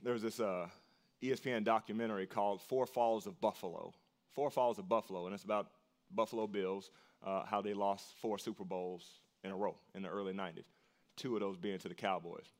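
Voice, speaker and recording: Earnest preaching pastor, emphatic repeats. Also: male voice, fairly even intonation, a little fast. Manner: earnest preaching, repeats phrases for emphasis, pitch leaps on key lines. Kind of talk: sermon.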